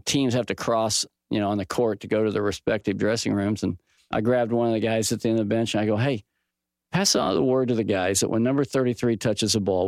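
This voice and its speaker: A middle-aged man teaching from the Bible in a relaxed, folksy way, mixing scripture with a personal sports story and lively quoted dialogue. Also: fairly low pitch, no echo, studio quality. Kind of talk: conversational Bible teaching with stories.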